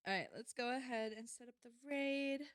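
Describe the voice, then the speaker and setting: A woman's voice: fairly high pitch, fairly quick, no echo, clean studio sound. A young woman live-streaming a video game, reading its text aloud and chatting casually and emotionally with her viewers, laughing and swearing often.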